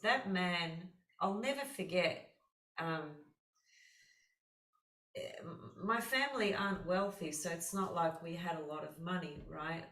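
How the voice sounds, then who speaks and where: A woman's voice: fairly low pitch, a bit bright, reverberant, distant mic, low-quality recording. A woman astrologer hosting a casual conversation, telling heartfelt stories with lots of fillers. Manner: earnest, heartfelt storytelling with many fillers. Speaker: astrologer host.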